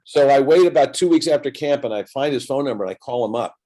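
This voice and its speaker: A man in his sixties, a seasoned entertainer, recounts a story in relaxed conversational talk. He jumps between narration and lively quoted dialogue, giving the other people in the story their own voices. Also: mid-range voice, fast talker. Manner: animated storyteller acting out both sides of conversations. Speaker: guest entertainer. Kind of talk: casual anecdote telling.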